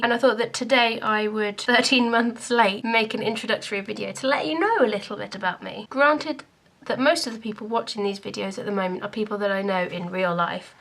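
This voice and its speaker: A woman's voice: mid-range voice, a bit bright. A young woman from Scotland, talking to camera in a chatty, self-deprecating vlog. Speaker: YouTuber.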